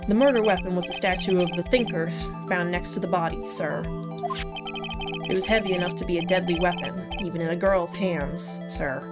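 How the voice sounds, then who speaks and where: A woman's voice: fairly low pitch, moderate pace, loud music behind the voice, lightly acted. A woman voicing an eager, bumbling male police detective from a video game on a livestream, saying "sir" and "pal" and stammering when nervous. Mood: earnest.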